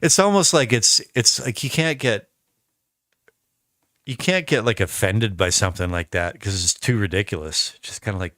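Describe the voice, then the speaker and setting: Bright-voiced rambling American man. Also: fairly low pitch, normal speed, dry recording, clean studio sound. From United States. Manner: rambling, chatty storytelling with many restarts. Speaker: musician streaming a recording session. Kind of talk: casual live-stream chat.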